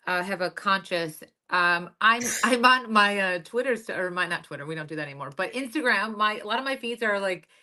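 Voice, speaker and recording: Bright-voiced chatty woman co-host. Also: mid-range voice, animated, brisk, few pauses. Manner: chatty, lots of fillers and restarts. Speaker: podcast co-host. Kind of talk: casual chat.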